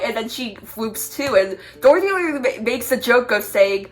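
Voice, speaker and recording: A woman's voice: on the high side, normal speed, few pauses, fairly bright tone, soft background music. A young woman retelling a film in casual comedic chat, giggly and breaking into silly character voices.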